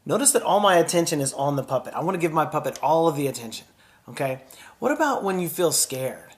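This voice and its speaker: A man teaching children a puppet drama lesson, gentle and encouraging as he demonstrates. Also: a little high, big pitch swings, quick pace.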